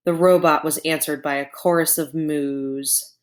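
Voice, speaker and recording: A woman reads a children's chapter book aloud in a low voice and a slow pace. She adds chatty asides to her young listeners between passages. Her reading is clear and easy to follow. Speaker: storyteller. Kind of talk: children's storybook read-aloud.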